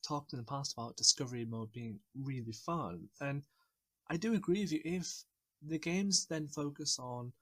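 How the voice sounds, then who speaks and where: A man's voice: medium pitch, no echo. Chatty male podcast host, dry sound. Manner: enthusiastic, rambling with fillers. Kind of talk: casual podcast chat.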